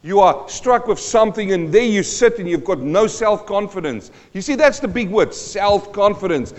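A man preaching a sermon as a pastor, swinging from hushed tones to loud emphasis. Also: sits high, expressive, normal speed, in a large hall.

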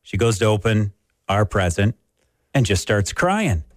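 Lively, joking male radio co-host. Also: fairly low pitch, measured pace, no room sound, clean studio sound. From Canada. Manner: jokey storyteller who acts out quoted voices. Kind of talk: casual morning radio banter. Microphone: studio microphone.

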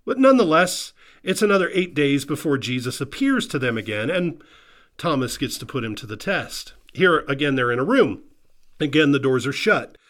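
A man's voice: medium pitch, sing-song, moderate pace, fairly bright tone. A man preaching a sermon in an earnest, emphatic way, repeating phrases for stress and putting questions to his listeners. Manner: asks the listeners direct questions. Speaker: pastor.

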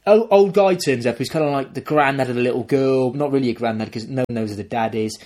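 A young man, a podcast co-host, casually retelling a film plot in a rambling, animated way and acting out the characters. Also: mid-range voice, fast.

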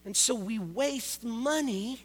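This male pastor preaches slowly in a very high voice, keeping things conversational and full of jokes. He repeats key words to drive his points home, and the recording carries the long reverb of a big hall.

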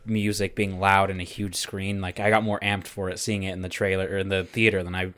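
A man with a fairly low voice, talking loosely and at length with friends on a podcast. He rambles in a relaxed way and swears casually. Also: brisk. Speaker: podcast co-host. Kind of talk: casual chat.

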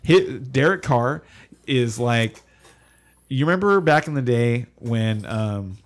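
A man's voice: medium pitch, animated, slow pace. A man co-hosting a casual sports podcast, from California, rambling and laughing often. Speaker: podcast co-host.

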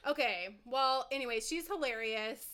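A woman co-hosting a podcast in casual chat, excitable and loud, laughing often as she talks into a microphone. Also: fairly high pitch, normal speed, smooth. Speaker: podcast co-host. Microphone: studio microphone.

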